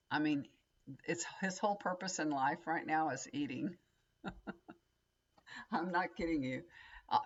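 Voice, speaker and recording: A woman's voice: lowish voice, highs cut off. A woman chatting casually to her viewers, rambling, folksy and full of asides. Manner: chatty, folksy, addresses viewers as y'all, frequent laughs and asides. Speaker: tarot reader and vlogger. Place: home.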